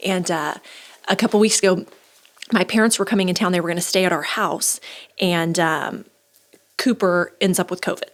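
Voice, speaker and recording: A woman in her forties co-hosting a casual podcast conversation, an animated storyteller who acts out the people she quotes. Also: lowish voice, moderate pace. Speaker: podcast co-host.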